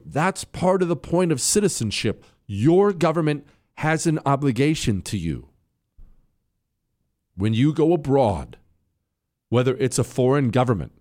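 An American man hosting a show, giving emphatic, fervent political commentary with drawn-out stresses. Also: medium pitch, a little mellow, dry recording. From United States. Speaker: host.

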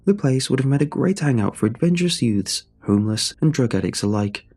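A man narrating a true horror story in a measured, suspenseful way. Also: mid-range voice, animated, a little mellow.

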